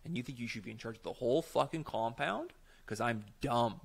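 A man's voice: medium pitch, lively intonation, a little fast, creaky, breathy edge. A man playing an angry brother in an improv scene demo, confrontational and swearing. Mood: angry, accusing.

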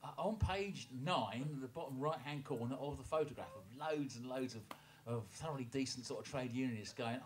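A man's voice: medium pitch, normal speed. A man telling a rambling, self-mocking story on stage at a small pub gig, stumbling over restarts between songs. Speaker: singer-songwriter introducing a song. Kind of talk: rambling onstage anecdote at a gig. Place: small indoor pub music venue. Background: acoustic guitar.

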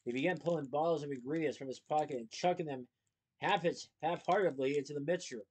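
A man reads a children's novel aloud in a steady, expressive narrating voice. His pitch sits a little above the usual for a man. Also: fast talker, poor audio. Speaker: storybook reader.

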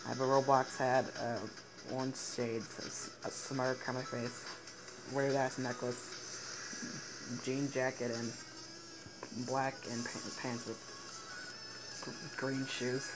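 A teenage boy giving excitable gaming commentary, swearing and laughing often. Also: medium pitch, slow, pauses often, low-quality recording. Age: teens. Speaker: gaming YouTuber. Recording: game music playing behind the voice.

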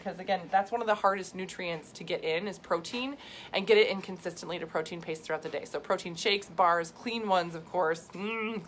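A woman's voice: fairly low pitch, fairly bright tone. A middle-aged woman chatting casually and upbeat with viewers on a live video, laughing often as a health coach. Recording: faint background noise.

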